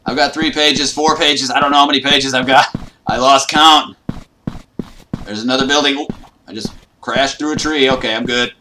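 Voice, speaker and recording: Man yelling jokey horror game commentary. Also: mid-range voice, steady tone, normal speed, noisy background. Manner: joking, boastful trash talk with sudden yelps. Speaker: gaming YouTuber.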